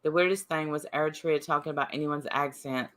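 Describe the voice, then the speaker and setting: A woman from Appalachia with a deep voice and steady tone talks fairly quickly, sounding a bit bright. Hosting a casual livestream, she reads chat comments and answers them in a combative, sparring way.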